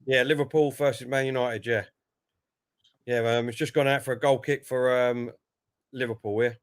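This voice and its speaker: A man co-hosting a fan live stream in a quiet, relaxed way, reading out viewers' comments. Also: mid-range voice, moderate pace, clean tone, no echo, studio quality.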